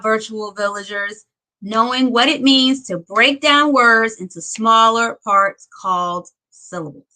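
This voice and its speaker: A woman's voice: on the high side, pushed and bright, poor audio. A woman teaching a kindergarten lesson, patient and repeating each word as she claps out its syllables. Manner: patient, repeats words while clapping syllables. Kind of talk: children's lesson.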